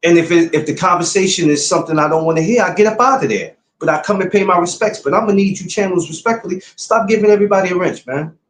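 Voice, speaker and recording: A man's voice: high voice, fast talker, few pauses, fairly bright tone, roomy sound. A man hosting his podcast, talking casually and bluntly to his viewers, repeating his points like a lecture. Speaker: podcast host. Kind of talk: casual livestream talk to viewers.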